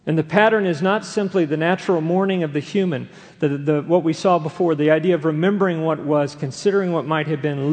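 A man's voice: on the high side, darkish tone. A man delivering an earnest, emphatic sermon as a pastor, repeating key phrases for weight. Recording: long reverb of a large hall.

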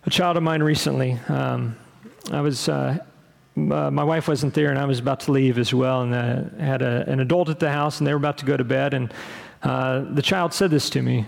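A middle-aged man preaching a sermon as pastor, earnest and unhurried, often pausing with fillers and restarting his sentences. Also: mid-range voice, steady tone, creaky, big-room sound.

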